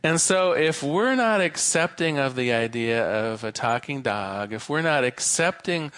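Lively man giving a sermon. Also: mid-range voice, a little slow, dry recording. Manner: animated storyteller, varies his pace. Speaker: minister.

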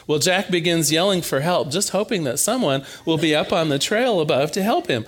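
A man delivering a sermon in an easy, conversational way, with a fairly high voice. He gets animated, slows down for emphasis and repeats words as he works through an idea. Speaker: preacher.

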